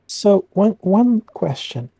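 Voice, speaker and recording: A man's voice: sits high, big pitch swings, takes it slowly, creaky, dark tone, dry recording. A man player asking questions casually in a tabletop game, hesitant and repeating words.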